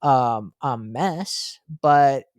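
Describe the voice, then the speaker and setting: A man hosting a casual podcast, telling stories in an animated way with frequent ums and likes. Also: mid-range voice, extremely slow, no echo, clean studio sound. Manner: animated storyteller, frequent fillers. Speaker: podcast host.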